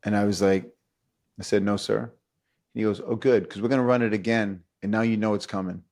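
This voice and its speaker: Man, low voice, middle-aged podcast host, animated storyteller. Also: fairly quick. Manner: animated storyteller, acts out quotes, laughs often. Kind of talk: casual storytelling chat.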